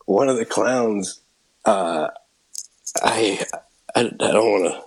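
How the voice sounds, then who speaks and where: A man's voice: on the low side, slow pace, background noise. A middle-aged actor telling a long anecdote in a casual interview, laughing and restarting as he goes. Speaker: actor and guest.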